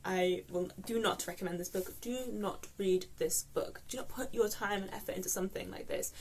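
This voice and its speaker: A woman's voice: medium pitch, steady tone, moderate pace, hardly any pauses, a little mellow, a little hiss or hum. Exasperated young woman ranting to camera. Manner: exasperated, swearing, trailing off into restarts. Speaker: book vlogger. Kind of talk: ranting vlog.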